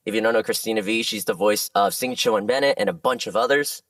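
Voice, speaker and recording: A man who works as a voice actor, chatting as a guest in a casual podcast interview and telling animated stories with frequent laughs. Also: fairly low pitch, fast talker, vocal fry, no room sound, recorded from a distance.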